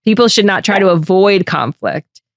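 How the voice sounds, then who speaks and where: A woman's voice: medium pitch, lively intonation, normal speed, no room sound, clean studio sound. A woman hosting a podcast, talking frankly and thinking aloud in a candid chat. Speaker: podcast host.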